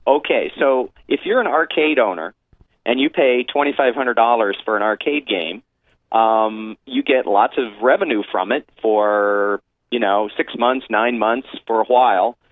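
A man calling in as a guest, explaining things in an easygoing, unhurried way. His voice comes through a thin, tinny phone line with the lows cut away. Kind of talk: casual phone interview.

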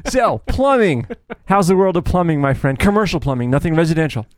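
A man's voice: on the high side, animated, fairly quick, no echo, clean studio sound. A male host in a casual chat, asking eager follow-up questions.

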